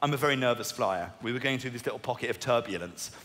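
A man with an English accent doing stand-up comedy, animated, sweary and mock-indignant. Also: mid-range voice, fast. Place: live comedy venue. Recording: echoey hall, loud crowd noise.

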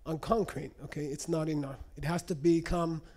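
A man's voice: a little high, steady tone, moderate pace, a little mellow. A man giving a live lecture to an audience, teaching in a conversational way and checking in often with "okay?". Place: lecture room.

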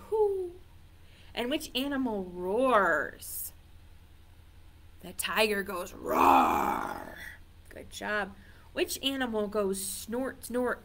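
A children's librarian with a fairly high, fairly bright voice reads a picture book aloud to toddlers. She's playful and sing-song, coaxing the little ones to join in.

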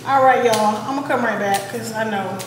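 A woman with a higher, fairly quick voice vlogs from her apartment, chatting casually straight to viewers and swearing when irritated. The room echoes and there's background noise.

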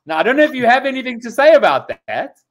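A male host of a live interview who speaks haltingly, with many restarts, and enthusiastically. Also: very high voice, sing-song.

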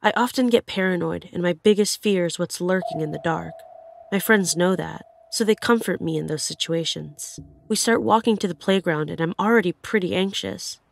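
A woman's voice: on the low side, moderate pace, creaky, slight background noise. A woman narrating her own scary experience in the first person, in an earnest, plain way. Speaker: storyteller.

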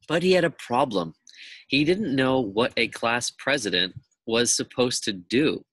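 Lively man reading a children's story. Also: mid-range voice, measured pace, breathy edge, no echo. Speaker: teacher reading to his class. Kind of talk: children's book read-aloud.

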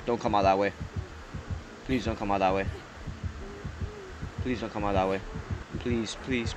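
A man's voice: fairly low pitch, noisy background. A man giving live gameplay commentary, exclaiming and pleading at other players. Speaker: gaming YouTuber.

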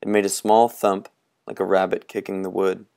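A man reading a novel aloud in a measured, atmospheric storytelling manner. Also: low voice, flat delivery, vocal fry, a little mellow, smooth. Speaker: audiobook reader.

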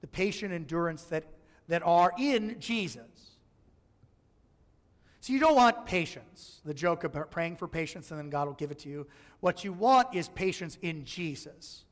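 A man's voice: on the high side, lively intonation, unhurried. A man preaching a sermon to his congregation in a conversational, humorous way. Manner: conversational and humorous, acts out voices in his stories. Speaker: pastor. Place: church sanctuary. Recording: church live stream with long hall reverb.

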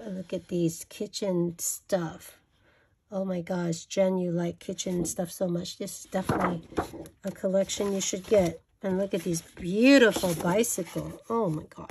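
A woman's voice: fairly low pitch, background noise. A woman vlogger showing off her craft paper haul in a chatty, gushing way, correcting herself as she goes. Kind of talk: casual show-and-tell.

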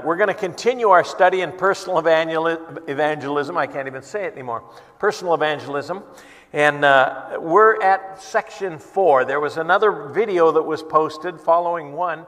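A man's voice: fairly high pitch, fairly bright tone. A male pastor preaching at a church worship service in an earnest, conversational storytelling manner. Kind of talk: sermon. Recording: long reverb in a church hall.

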